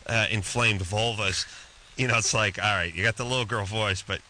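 Wisecracking radio host, bright tone. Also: male voice, on the low side, fairly even intonation, moderate pace, slight background noise, poor audio. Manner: wisecracking, sarcastic. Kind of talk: late-night call-in radio banter.

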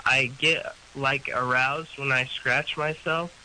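A man in his twenties calling in to an advice show, hesitant and halting. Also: medium pitch, steady tone, sharp tone, slight background noise, poor audio. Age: 20s. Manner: hesitant, halting, full of fillers. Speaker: caller. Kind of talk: phone-in confession.

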